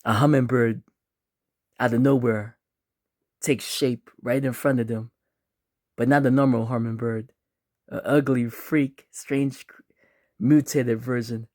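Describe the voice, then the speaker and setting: A man telling a spooky, funny story in a relaxed, chatty way, acting out bits as he goes. He speaks slowly at a mid pitch. The sound is dry and close. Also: no echo. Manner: laid-back, chatty, acts out voices. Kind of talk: casual storytelling.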